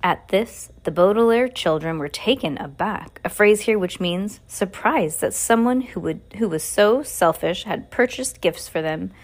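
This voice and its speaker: A woman reads a children's novel aloud at a relaxed pace. She often stops to add her own casual, joking comments before going back to the text. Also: medium pitch, a little slow, few pauses. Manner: chatty, joking commentary between passages. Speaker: reader. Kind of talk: reading a book aloud with casual asides.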